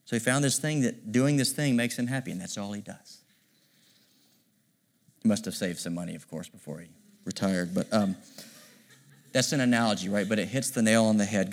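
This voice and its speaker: A middle-aged man preaching a sermon in an animated, conversational way, often asking the listeners rhetorical questions. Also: fairly low pitch. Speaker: pastor.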